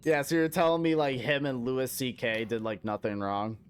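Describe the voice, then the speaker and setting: A man's voice: mid-range voice, steady tone, moderate pace, faint music behind. Rambling, foul-mouthed American streamer guy. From United States. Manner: rambling, profane, fond of mock-outraged rants. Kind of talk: casual gameplay chat.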